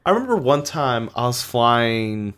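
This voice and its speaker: A man's voice: mid-range voice, sing-song, unhurried, fairly bright tone, smooth. A man from Canada co-hosting a podcast, chatting casually and rambling with lots of fillers. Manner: laid-back, rambling with many fillers. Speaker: podcast co-host. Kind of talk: casual chat.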